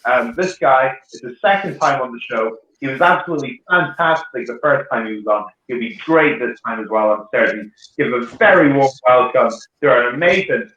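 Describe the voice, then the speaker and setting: A man hosting a comedy show, telling quick punchline jokes and checking in with "right?" and "yeah?". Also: medium pitch, sharp tone, echoey room, dull audio. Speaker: comedy club host. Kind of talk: stand-up comedy and act introductions.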